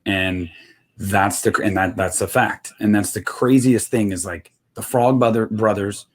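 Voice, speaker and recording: A man's voice: fairly low pitch, fairly even intonation, a little slow. A man talking casually on a podcast in a laid-back, thoughtful way. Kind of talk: casual chat.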